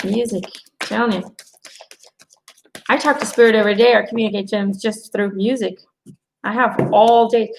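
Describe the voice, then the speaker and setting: A middle-aged woman with a fairly high, creaky voice, heard on a rough recording, does a live angel card reading. The intuitive reader keeps things chatty, speaks reassuringly straight to her viewers, and tells animated stories with quoted asides.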